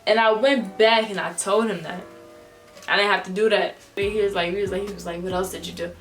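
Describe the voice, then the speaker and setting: A woman's voice: mid-range voice, a little fast, faint music behind. Candid young woman telling a storytime. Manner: candid, profane, animated retelling. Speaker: vlogger. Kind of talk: storytime vlog.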